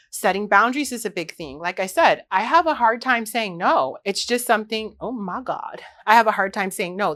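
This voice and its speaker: A woman's voice: fairly low pitch, a bit bright. A woman, hosting a candid, confessional solo podcast and talking straight to her listeners. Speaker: podcast host.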